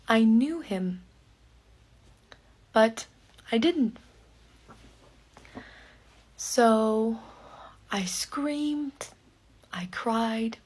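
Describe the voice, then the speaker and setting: Very slow-speaking woman storyteller. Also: mid-range voice, darkish tone. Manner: very slow, short phrases with pauses. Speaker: English teacher. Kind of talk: slow personal storytelling for learners.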